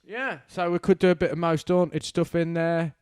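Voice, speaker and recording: Co-hosting a podcast, this man banters casually and tells rambling stories sprinkled with tag questions. His voice is a little high, a little mellow, and smooth, with a steady tone at normal speed. The studio-quality recording has no echo.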